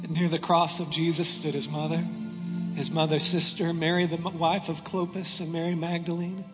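A male pastor with a high voice delivers a sermon, reading scripture with dramatic weight and sinking into quiet intensity. His voice rings out through a long reverberant hall. Music plays steadily beneath him. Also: flat delivery, normal speed. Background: soft music.

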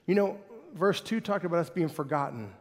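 A male pastor preaching a sermon with animated, conversational delivery that swings between loud and soft. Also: on the high side, brisk. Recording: hall reverb.

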